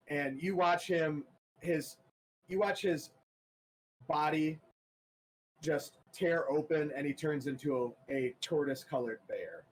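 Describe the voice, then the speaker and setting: A man runs a tabletop game, narrating the scene slowly with lots of ums and restarts. His voice sits a little higher than most men's. There is a faint hiss of background noise. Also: low-quality recording. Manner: halting, full of ums and restarts. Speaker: game master.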